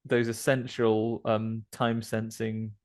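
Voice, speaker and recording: A man's voice: lowish voice, flat delivery, takes it slowly. A British man co-hosting a podcast, recapping a film in a wry, slangy casual chat. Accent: British English. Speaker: podcast co-host.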